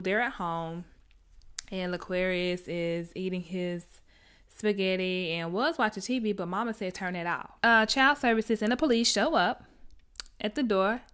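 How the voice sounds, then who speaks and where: Animated bright-voiced woman recapping TV. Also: on the low side, normal speed, smooth. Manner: animated storyteller who acts out character lines. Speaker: TV recap vlogger. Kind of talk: casual TV recap chat.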